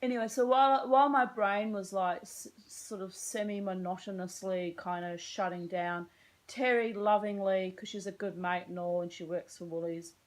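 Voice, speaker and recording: A chatty Australian woman telling a story to the camera, rambling and self-mocking as she wanders from one tangent to the next. Her voice sits in an ordinary middle register, and she talks in a loose, unhurried way. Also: mid-range voice, steady tone, low-quality recording. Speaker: vlogger.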